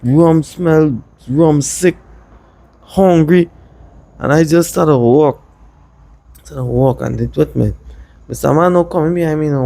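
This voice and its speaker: A man from Trinidad with a Trinidadian accent, casually telling a rambling personal story in lively dialect. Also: on the high side, slow pace, gravelly, long pauses, no echo. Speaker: vlogger.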